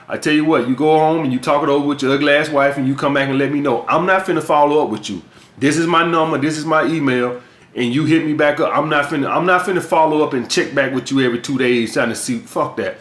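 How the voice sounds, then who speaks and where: A man's voice: a little high, fast talker, a bit bright. A man from the US South with a Southern accent, giving blunt, profane dating and sales advice as a coach in a vlog monologue. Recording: echoey room.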